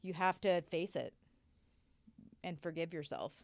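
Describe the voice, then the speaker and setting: A woman speaking as a guest on a podcast, her voice smooth and clear as she talks openly and with emphasis. The recording is close and dry, with no room sound. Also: on the low side, unhurried, no room sound. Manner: open, emphatic, leans on "you know". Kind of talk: candid recovery podcast talk.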